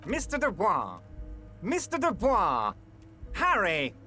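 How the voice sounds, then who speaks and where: An actor playing a smooth-talking, self-important male boss in a video game, falsely reassuring and pompous. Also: sits high, huge pitch swings, slow, pushed and bright, soft background music, exaggerated voice. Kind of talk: video game character acting.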